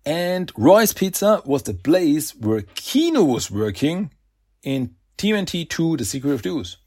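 Man, podcast host, casual comic recap, chatty, husky, animated pitch. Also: measured pace. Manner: chatty, animated retelling with laughs and voiced asides.

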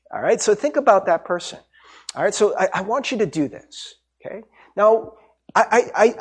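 A man's voice: a little high, husky. A man preaching a sermon as pastor, talking in a conversational way with frequent restarts, little asides and light humor.

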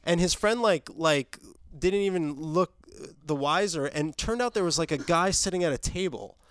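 High-voiced man chatting, dry sound. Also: moderate pace, clean tone, dry recording. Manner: filler-heavy, lots of likes. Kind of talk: casual chat.

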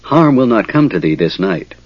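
A man's voice: fairly low pitch, sing-song, normal speed, husky, no room sound, muffled recording. A man voicing a commanding male centaur leader who speaks in archaic thee-and-ye phrasing, giving cool, stern orders.

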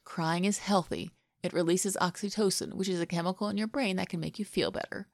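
A woman voicing a protective adult man who speaks gently to a frightened child. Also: fairly low pitch, steady tone, brisk, no room sound, studio quality, natural voice. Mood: tender. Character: adult man, protective godfather, tense but tender.

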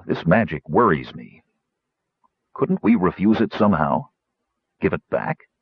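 A young knight, troubled and stubborn, speaking low and quietly , as a man reads him in an audiobook. The voice is husky, and the recording sounds dull. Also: sing-song, measured pace, exaggerated voice.

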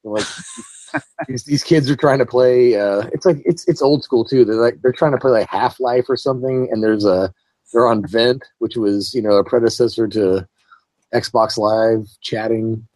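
A man's voice: mid-range voice, normal speed, darkish tone, dry recording. A man co-hosting a podcast, rambling in sarcastic, heavily profane chat. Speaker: podcast co-host.

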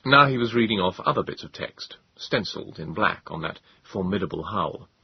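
A low-voiced man reads a story in a measured, grave manner. His voice is very husky and moves lively through its range. The recording is dry with a dull top end. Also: no room sound. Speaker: audiobook narrator. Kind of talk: scripted narration.

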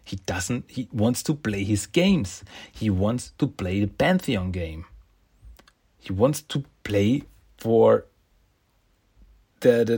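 A man's voice: medium pitch, breathy edge. A man casually recapping a show, laughing often and tripping over repeated words. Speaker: video commentator recapping an animated series.

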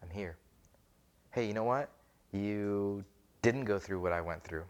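A pastor voicing God as a calm, gently chiding father figure, soft and low. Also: measured pace, muffled recording, lightly acted.

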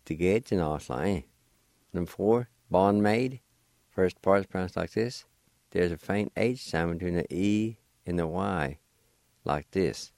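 Slow, gravelly-voiced man teaching a language. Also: low voice, darkish tone, no echo. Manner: slow, deliberate, spells words letter by letter. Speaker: radio host and language teacher. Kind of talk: radio language lesson.

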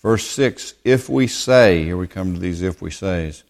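A man's voice: sits low, expressive, unhurried, creaky, a little mellow. Man teaching the Bible, emphatic repetition. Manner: emphatic, repeats words for stress.

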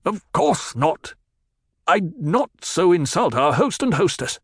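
Guy doing a slow raspy stuck-up banker, high and stiff, kind of distant-sounding. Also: big pitch swings, no echo, clean studio sound, full character voice. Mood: fearful stiff. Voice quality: rasping. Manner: stiff, sneering, slow drawl. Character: sneering, fearful middle-aged male banker.

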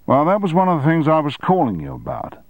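A man voicing a powerful middle-aged male newspaper tycoon who speaks briskly and with authority. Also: a little high, huge pitch swings, gravelly, no echo, pitched above the performer's own voice, full character voice.

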